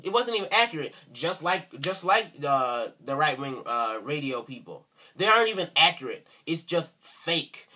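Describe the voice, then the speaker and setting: Man, bright forceful voice, somewhat high, indignant sarcastic rant, webcam talk. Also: breathy edge. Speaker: video commentator. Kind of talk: ranting response video.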